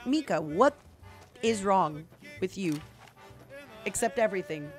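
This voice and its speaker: A young woman streaming a video game, chatting casually with viewers in excitable bursts. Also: medium pitch, a little slow, pauses often. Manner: excitable, yelling and laughing bursts. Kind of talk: casual gameplay commentary. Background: game music.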